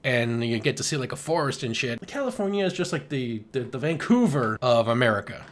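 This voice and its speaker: Male podcast host, average pitch, rambling and exasperated. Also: expressive, fairly quick. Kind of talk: casual podcast chat and comedy sketch.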